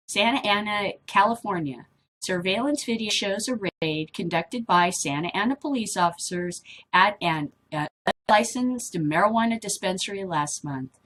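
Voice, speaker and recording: A woman's voice: medium pitch, moderate pace, fairly bright tone. Rambling middle-aged woman vlogger. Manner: rambling, easily sidetracked, blunt and swearing. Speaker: vlog host reading and commenting on news. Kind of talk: casual commentary.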